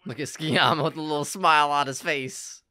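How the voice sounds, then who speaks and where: A man's voice: a little high, steady tone, normal speed, pushed and bright. A man reacting to an anime finale in casual, emotional commentary, exclaiming and laughing often. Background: anime soundtrack playing faintly.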